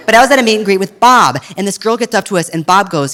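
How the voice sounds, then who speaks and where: A man in his thirties performing stand-up comedy as a drag queen, with a sarcastic, punchy delivery and deadpan asides. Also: high-pitched, fast talker, a little hiss or hum. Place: comedy stage before a crowd. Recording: live audience laughing and clapping.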